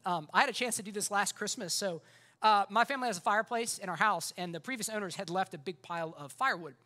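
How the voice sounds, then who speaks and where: A man's voice: sits high, fast talker, bright, forceful tone. A male pastor preaching a sermon, passionate and conversational, stacking repeated phrases for emphasis. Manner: impassioned, conversational preaching with rhetorical repetition.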